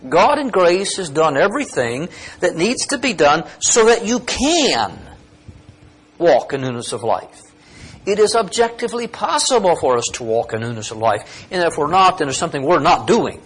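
A man's voice: fairly high pitch, big pitch swings, moderate pace, fairly bright tone, husky. A man teaching verse by verse from a Bible passage, explaining Greek grammar and rising to emphatic peaks.

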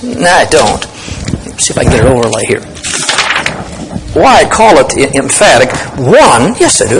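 A man teaches from the Bible with an emphatic, searching delivery and a lot of restarts. His pitch sits a little high and swings widely as he stresses key words. Faint noise hums under the recording. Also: rough recording. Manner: emphatic, explaining Greek words, thinking aloud with restarts.

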